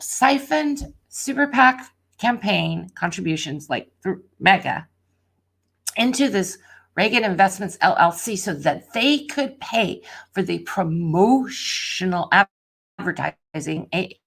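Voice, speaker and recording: A woman streaming a live tarot reading, excitable and laughing a lot, dropping to whispers and then bursting into shouts. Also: medium pitch, measured pace, creaky, breathy edge. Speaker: tarot reader.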